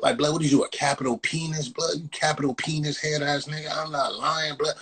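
A man hosting a phone livestream, loudly roasting and mocking his viewers with profane banter, tagging "blood" onto nearly every phrase. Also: fairly high pitch, fairly even intonation, brisk, husky, poor audio. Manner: loud, mocking, repeats "blood" constantly. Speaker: livestream host. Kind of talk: profane Instagram live roast.

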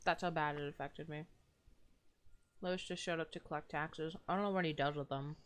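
A woman's voice: low-pitched, steady tone, normal speed. A woman streaming a farming game who chats casually and expressively and swears freely. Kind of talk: casual gameplay commentary.

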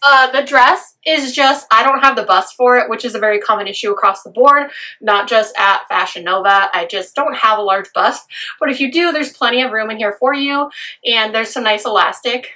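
A hoarse woman with a raspy voice, gushing through a casual try-on haul vlog. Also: on the high side, normal speed, bright, forceful tone. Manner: gushing, effusive. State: hoarse from a cold. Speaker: fashion vlogger.

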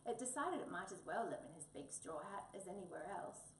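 A woman reading a children's storybook aloud in an expressive, lilting way. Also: fairly low pitch, fairly quick. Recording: echoey room, distant mic, faint noise.

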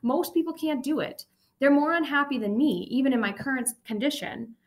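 A woman reading an audiobook and voicing an old, dying male professor who speaks gently and accepts his fate. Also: high-pitched, animated, voice pushed up. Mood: reflective. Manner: gentle, measured, unhurried. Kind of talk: audiobook narration.

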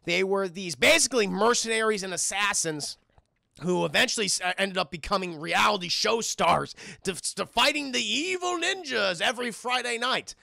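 A young male streamer recaps a cartoon for his live chat in an excitable, profane rush. His voice sits high with a heavy gravelly fry and a bright edge. The sound is dry and close. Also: moderate pace, no echo. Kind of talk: casual commentary to chat.

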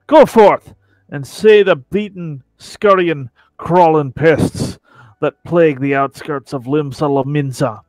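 A man putting on a gruff pirate guild master. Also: fairly high pitch, takes it slowly, darkish tone, no echo, faint music behind. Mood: stern. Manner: mock pirate growl, rolling declamation.

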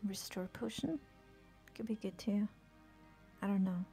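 Excitable gravelly woman streaming a game. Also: mid-range voice, unhurried, soft background music. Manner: excitable, swears often, laughs, trails off. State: sick with a headache. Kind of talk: live gameplay commentary.

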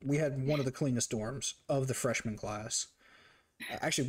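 Young male streamer, animated storyteller, swears freely, mid-pitched voice, casual chat. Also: normal speed, husky. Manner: animated, profane, laughs while telling stories.

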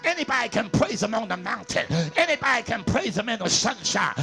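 A male pastor preaching a sermon, swinging between shouted, chanted lines and hushed, tearful speech. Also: extremely high pitch, sing-song, fairly quick, creaky, faint music behind.

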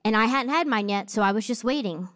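A woman in her thirties, a pastor, giving a sermon with animated, funny storytelling on a church stage. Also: a little high, quick pace. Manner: animated storytelling with comic asides.

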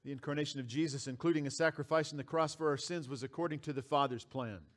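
Man, pastor, sermon, slightly high voice, emphatic, repeats phrases, reads scripture aloud. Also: fast. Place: church sanctuary.

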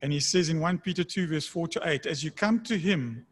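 A man preaching a sermon in a conversational way, slowing down to read scripture aloud. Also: a little high, slightly rough. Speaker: pastor.

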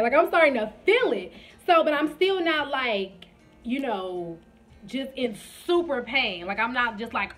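A young woman casually telling viewers her labor story, acting out her own reactions in sudden high bursts and calling them "y'all". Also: expressive, fairly quick, fairly bright tone, soft background music. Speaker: vlogger.

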